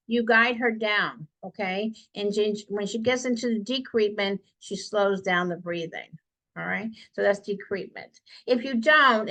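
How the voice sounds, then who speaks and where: A woman's voice: a little high, pushed and bright, rough recording. A woman nursing instructor giving a conversational exam review lecture in a classroom, checking in with the students by asking "okay?" again and again.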